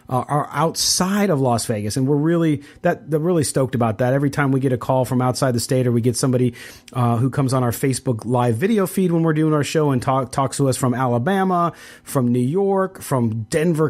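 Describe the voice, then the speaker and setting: Fairly high in pitch and a little mellow, this middle-aged man hosts a sports podcast. His talk is conversational, with quick sponsor reads and frequent filler words.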